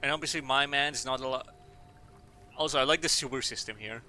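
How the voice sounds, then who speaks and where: Bright-voiced man streaming a game. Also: medium pitch, fairly quick, soft background music. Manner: rambling, joking, swears freely. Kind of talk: casual gameplay commentary.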